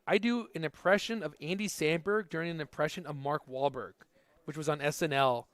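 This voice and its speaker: A man calling baseball play-by-play, mixing pitch calls with jokey casual chat. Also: brisk, fairly bright tone, dry recording. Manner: jokey, conversational between pitches. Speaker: play-by-play announcer.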